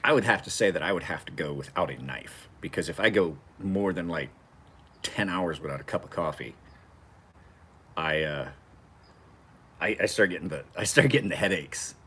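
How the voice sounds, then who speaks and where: This deep-voiced man sounds animated and sharp, moving at a moderate pace and pausing often. Hosting a knife sharpening channel in his home garage, he rambles in a live chat with viewers and laughs through profane stories, over a slight hiss or hum.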